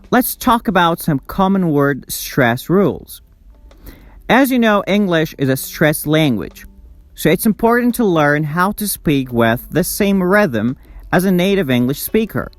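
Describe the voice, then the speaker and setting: A man's voice: on the high side, no echo. A man with a Persian accent teaching English pronunciation, repeating words and stressing syllables carefully. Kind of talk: slow, deliberate online lesson.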